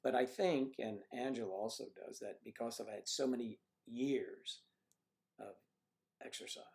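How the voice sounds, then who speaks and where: An older man hosting a livestream, chatting casually through rambling anecdotes with frequent restarts and throat clearing. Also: mid-range voice, normal speed, darkish tone. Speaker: livestream host. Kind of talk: casual chat reading viewer comments. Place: home livestream setup.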